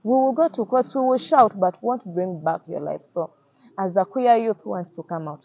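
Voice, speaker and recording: A woman's voice: mid-range voice, moderate pace, creaky, dark tone. A young woman with a Ugandan accent, speaking earnestly in a personal testimony and often repeating her phrases. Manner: earnest, repeats phrases, acts out quoted voices. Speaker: activist. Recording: slightly muffled audio.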